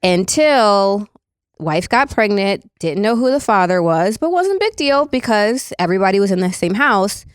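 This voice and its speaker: A woman's voice: medium pitch, sing-song, moderate pace, clear, resonant tone, no echo, studio quality. A woman in her thirties co-hosting a casual podcast, telling stories bluntly with plenty of fillers. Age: 30s. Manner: blunt, laid-back storytelling with frequent fillers. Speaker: podcast co-host.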